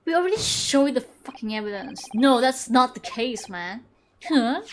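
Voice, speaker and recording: Young woman streamer, excitable, foul-mouthed, gushes loudly, fairly high voice. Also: normal speed. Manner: excitable, gushing, swears a lot. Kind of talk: casual game-stream commentary. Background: faint game music.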